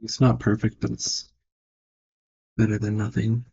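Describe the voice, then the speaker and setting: A man's voice: lowish voice, completely flat delivery, a little slow, creaky, darkish tone, slightly rough, highs cut off. A man thinking aloud and judging his own work as he draws, in casual narration. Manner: muttered, self-critical thinking aloud. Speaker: digital artist. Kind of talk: casual narration while drawing.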